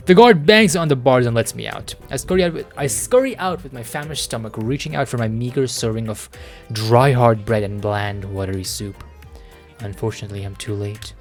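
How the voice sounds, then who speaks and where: A man streaming a story game, reading it aloud with dramatic, jokey reactions and frequent laughs. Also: medium pitch.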